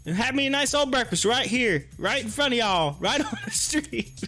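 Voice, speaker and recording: High, bright-voiced excitable male streamer. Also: moderate pace, soft background music. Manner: excitable, chatty, talks to viewers. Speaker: live stream host. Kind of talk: casual live-stream stock chat.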